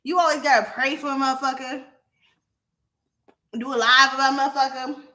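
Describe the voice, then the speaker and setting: A young woman on a livestream airs a grievance to her chat in a casual, heated rant. Her voice sits high and rings bright. She swears freely and stacks repeated words for emphasis. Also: fairly even intonation, fairly quick. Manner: talks to her chat directly. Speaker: livestream host.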